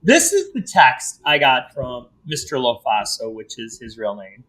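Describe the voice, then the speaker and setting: Male podcast host, bright tone, loose and jokey delivery. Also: mid-range voice, huge pitch swings, a little slow, rough recording. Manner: joking, rambling, teasing his co-host. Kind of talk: casual podcast chat.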